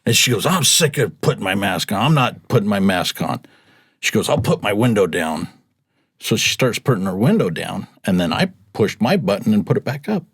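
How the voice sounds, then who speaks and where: A man's voice: lowish voice, sing-song, a little fast, husky, dry recording, clean studio sound. A man, casually telling stories as a podcast guest and acting out what others said. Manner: chatty, laughs often, acts out quotes. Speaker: podcast guest, rideshare driver. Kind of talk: casual storytelling.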